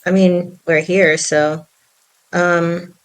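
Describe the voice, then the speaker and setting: Slow, hesitant tabletop player. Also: mid-range voice, flat delivery, clean tone, poor audio. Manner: slow, hesitant, thinking aloud. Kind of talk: casual play.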